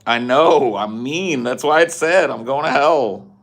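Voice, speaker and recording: A man's voice: medium pitch, measured pace, gravelly. A man hosting a podcast, ranting in a profane, exasperated, slangy way. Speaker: podcast host. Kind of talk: casual podcast rant.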